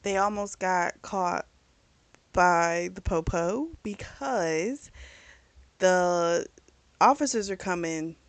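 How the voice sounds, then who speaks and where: A young woman talks through a book's plot in a loose, chatty way. She swears freely and leans on fillers. Her voice sits somewhat low. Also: slow, long pauses. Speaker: book reviewer. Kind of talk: casual book recap.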